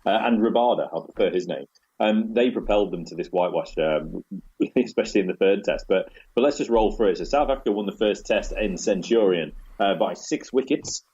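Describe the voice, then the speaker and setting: Low husky guy on a podcast, dark mellow tone, dull lo-fi sound, chatty and laughing a lot. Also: fairly quick. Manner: chatty, laughs often, rolls through match scores. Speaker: podcast host. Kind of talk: casual cricket chat.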